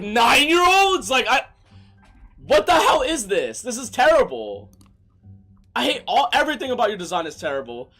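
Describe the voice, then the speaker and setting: A young man commentating a game as a streamer, excitable and profane, breaking into shouted rants. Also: a little high. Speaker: gaming streamer. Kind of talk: let's play commentary.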